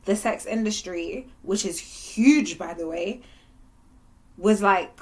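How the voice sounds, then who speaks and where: A young woman talking to camera in a candid, animated monologue, sometimes breaking into laughter. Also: mid-range voice, slow pace. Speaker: vlogger.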